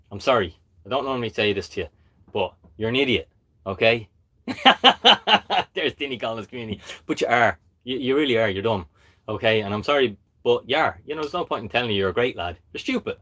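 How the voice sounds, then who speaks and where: Male live-stream host, lower voice, blunt and emphatic, keeps asking "okay?". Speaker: crypto channel host.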